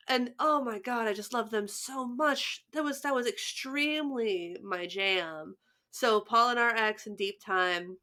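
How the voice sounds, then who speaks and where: A woman's voice: mid-range voice, fairly bright tone, smooth. A young woman co-hosting a podcast, chatting casually, laughing often and restarting her sentences. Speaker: podcast co-host. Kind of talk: casual chat.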